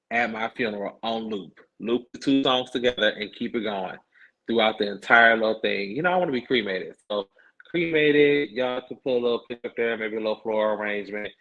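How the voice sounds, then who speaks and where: Podcast host: sassy, chatty man, low voice, muffled lo-fi stream sound. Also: bright, forceful tone. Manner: sassy, chatty, slangy asides. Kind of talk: casual livestream chat. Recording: dull lo-fi stream audio.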